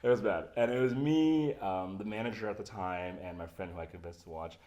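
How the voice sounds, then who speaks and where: A man's voice: fairly low pitch, brisk, a little mellow, highs cut off. A man hosting a podcast, telling a story in casual chat and often laughing as he goes. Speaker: podcast host.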